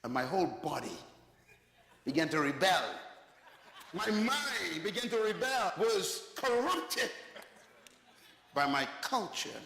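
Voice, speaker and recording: A man's voice: high voice, sing-song, slow pace, creaky, pauses often, bright, forceful tone. A man preaching a sermon, telling a story dramatically and acting out the dialogue. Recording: echoey hall, long reverb.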